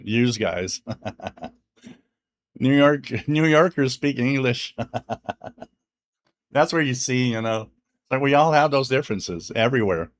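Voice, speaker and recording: Medium in pitch, expressive and unhurried, this livestream radio host pauses often. He's a French Canadian native French speaker who chats casually, reads out viewers' comments, and laughs a lot amid fillers such as "you know".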